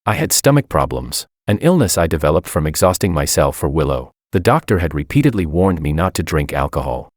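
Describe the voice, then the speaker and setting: A man's voice: deep voice, sing-song, a little fast, hardly any pauses, dry recording, studio quality. A man narrating a dramatic story in the first person, in an earnest, heartbroken manner.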